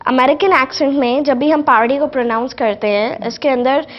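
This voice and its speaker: A teenage girl with an Indian accent explains pronunciation rules as a guest on a TV show, repeating each example word slowly before explaining it. Her voice sits somewhat high, and the broadcast audio is dull and lo-fi. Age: teens. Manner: demonstrates words by repeating them slowly, then rapid explanations. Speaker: guest student.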